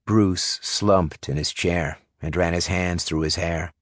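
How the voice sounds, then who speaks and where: A man reading a thriller audiobook in first person, measured and suspenseful. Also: deep voice, steady tone, no room sound, clean studio sound. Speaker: audiobook narrator. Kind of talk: scripted audiobook narration.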